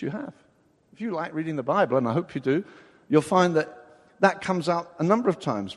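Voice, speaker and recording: A man preaching a sermon as pastor, explaining a Bible passage with rhetorical questions and an expository manner. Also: fairly high pitch. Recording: long hall reverb.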